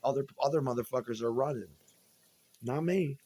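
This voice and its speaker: A man's voice: mid-range voice, moderate pace, warm tone. A man in a rambling, profane monologue from home, agitated and tripping over his words. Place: at home, indoors.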